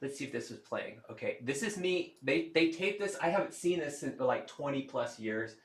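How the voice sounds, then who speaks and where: A man's voice: medium pitch, expressive, moderate pace, vocal fry, echoey room. A man hosting a casual livestream, chatty and given to laughing, fumbling with the computer as he talks. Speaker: livestream host and game creator.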